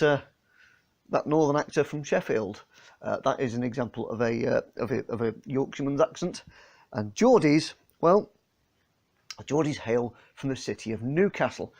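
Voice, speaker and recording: With a mid-range, creaky and slightly mellow voice, an Englishman films himself on his phone while casually tasting beer for his vlog. He keeps things homely and leans heavily on fillers.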